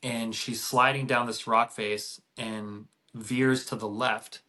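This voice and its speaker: A man's voice: medium pitch, flat delivery, takes it slowly, pushed and bright. A middle-aged man, a podcast guest, telling a family story in a casual, rambling way with many restarts.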